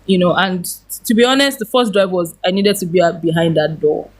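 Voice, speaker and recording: Woman, thirties, interview guest, lively storyteller who laughs easily. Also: on the low side, a little fast. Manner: animated, laughs often while telling.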